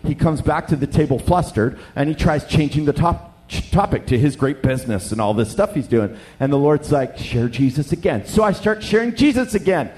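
Middle-aged male pastor from Canada, higher voice, jokey, animated storyteller. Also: moderate pace, few pauses. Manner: animated, jokey, acts out dialogue. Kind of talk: sermon storytelling.

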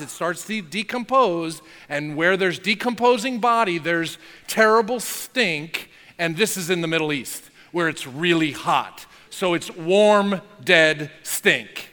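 A male pastor preaching a sermon. He speaks with emphasis, slows down on key words and drops in casual asides. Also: high voice, pushed and bright, in a large hall.

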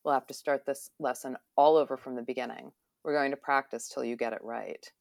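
A woman's voice: very deep voice, steady tone, brisk, vocal fry, no echo, clean studio sound. A woman reading aloud the lines of a commanding adult male lover in a romance novel, firm and insistent. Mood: tender.

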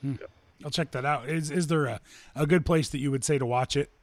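A man hosting a casual music podcast, relaxed as he leads the talk from song to song. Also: a little high, fairly quick, no echo. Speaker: podcast host.

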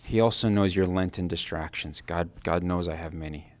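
A man giving a personal devotional talk, earnest and reflective, his phrases often trailing off softly. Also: low-pitched, normal speed. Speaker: Christian speaker giving a Lenten reflection.

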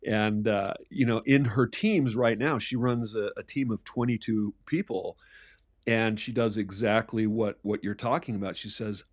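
A man hosting an interview, talking in a halting way and repeating words as he thinks. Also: fairly low pitch, steady tone, dry recording, studio quality. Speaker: podcast host. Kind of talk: conversational interview.

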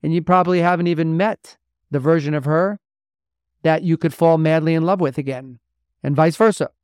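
A man's voice: a little high, fairly even intonation, moderate pace, a little mellow, clean tone, dry recording, studio quality. A man hosting a motivational podcast as a mentor to men, talking bluntly and emphatically with lots of repetition. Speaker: podcast host and men's mentor.

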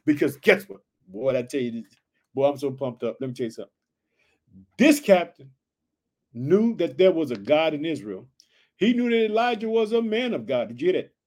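Fired-up preacher man with a high voice. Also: very animated, normal speed, darkish tone. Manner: fired-up, repeats catchphrases and questions to listeners; reads verses aloud then riffs on them. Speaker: preacher teaching scripture. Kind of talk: energetic Bible teaching.

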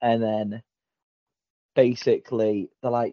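A man telling a wrestling story in casual podcast chat, acting out the quotes with lively energy. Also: medium pitch, moderate pace, no echo. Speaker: podcast co-host. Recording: dull lo-fi podcast audio.

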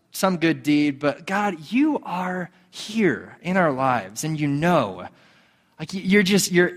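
A man with a fairly high voice preaches in a loose, conversational manner, telling stories with plenty of fillers and restarts. His voice rings out with a long reverb, as if in a large hall. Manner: conversational, storytelling with filler words and repetitions. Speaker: pastor. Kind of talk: sermon.

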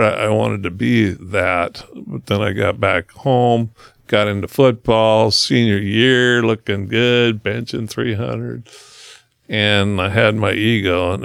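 A man with a low, gravelly voice tells his own story as a guest in a conversation. He speaks earnestly and slows down to stress key moments. The sound is dry and close, with no room echo. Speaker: podcast guest, motivational speaker.

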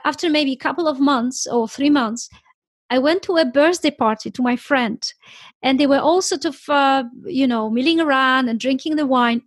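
A woman with a high voice hosts a casual interview. She tells stories animatedly and acts out the people in them. The sound is dry and close. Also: dry recording. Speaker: podcast host.

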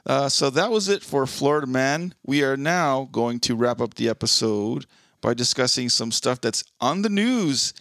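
A man's voice: mid-range voice, lively intonation, normal speed, fairly bright tone, dry recording, studio quality. A man co-hosting a casual podcast, laid-back and jokey with hesitant fillers. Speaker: podcast co-host. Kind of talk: casual chat.

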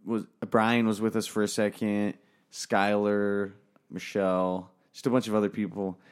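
A man's voice: lowish voice, level tone, normal speed, smooth. A young man, a podcast co-host, telling stories in casual chat, rambling, swearing often and laughing as he goes.

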